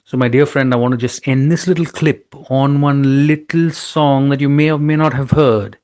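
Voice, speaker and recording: A man's voice: medium pitch, a little mellow. A middle-aged man co-hosting a casual podcast chat over drinks, a bit tipsy, rambling in a loose, affectionate way. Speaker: podcast co-host.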